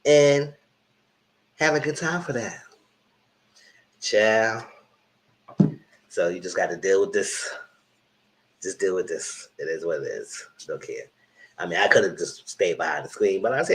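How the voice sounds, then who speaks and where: A man's voice: deep voice, expressive, measured pace, long pauses, poor audio. A man in his thirties hosting a live-stream TV review, chatting casually and greeting his viewers directly. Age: 30s.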